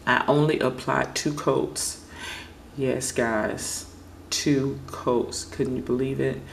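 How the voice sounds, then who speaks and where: A woman's voice: rumbling low, fairly even intonation, takes it slowly, gravelly, slight background noise. A woman vlogger casually showing off her manicure, gushing and repeating her praise words. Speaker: nail vlogger. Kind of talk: casual product show-and-tell.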